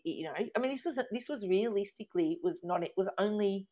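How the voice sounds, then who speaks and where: A woman, chatting casually as she tells a long personal story, rambling and growing animated when she recounts arguments. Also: medium pitch, fast talker. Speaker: guest telling a life story. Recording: dull lo-fi recording.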